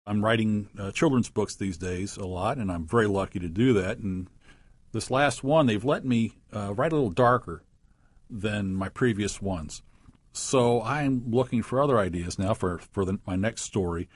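A man talking casually as a radio contributor, relaxed and halting, pausing with fillers. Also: lowish voice, no echo. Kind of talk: casual storytelling.

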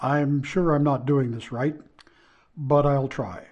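Slow playful man in reverb. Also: mid-range voice, steady tone, darkish tone, muffled recording. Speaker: contributor.

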